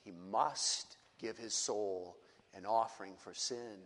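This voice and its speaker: A man preaching a sermon in a slow, deliberate way, often dropping to a low soft voice. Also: big-room sound.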